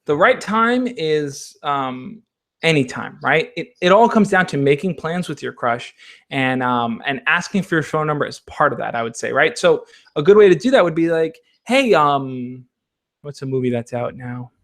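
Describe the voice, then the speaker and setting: Male advice host, voice a little on the high side, casual Q&A, encouraging and chatty. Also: expressive, moderate pace, a bit bright. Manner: encouraging, coach-like advice giving; conversational, checks in with listeners. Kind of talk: casual Q&A livestream.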